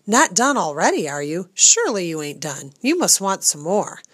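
A woman voicing a stout, middle-aged female castle cook who is gruff but kind and talks in rustic, folksy grammar. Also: on the low side, sing-song, moderate pace, fairly bright tone, dry recording. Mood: fussing.

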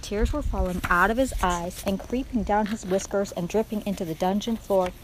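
A woman's voice: mid-range voice, normal speed, a little hiss or hum, low-quality recording. A woman reading a children's storybook aloud expressively, speaking straight to the reader. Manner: expressive, addresses the reader directly.

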